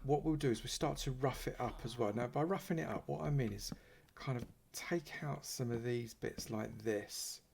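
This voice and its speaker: A man talks casually over his Minecraft gameplay. He is playful and chatty, teasing and thanking his supporters, with a middle-pitched voice. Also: creaky, darkish tone, slight background noise. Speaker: Minecraft YouTuber.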